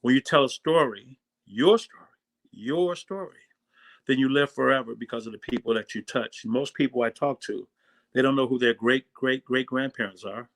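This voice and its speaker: A man giving a workshop lesson on storytelling, telling a moving tale and then driving home its lessons with soft, dramatic drops in his voice. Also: medium pitch, steady tone, brisk. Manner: swings between loud punches and soft whispers. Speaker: storytelling speaker.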